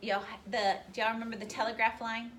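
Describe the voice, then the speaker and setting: A woman's voice: a little high, flat delivery. A woman teaching a history class, firing questions at her students. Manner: quizzes students with rapid questions. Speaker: high school history teacher. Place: school classroom. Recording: distant classroom recording, faint noise.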